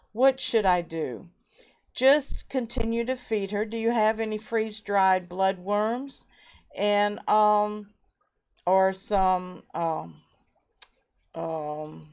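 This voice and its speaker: A woman's voice: mid-range voice, clean tone. A woman hosting a casual live stream from her home fish room, greeting viewers by name and reading their comments aloud into a webcam.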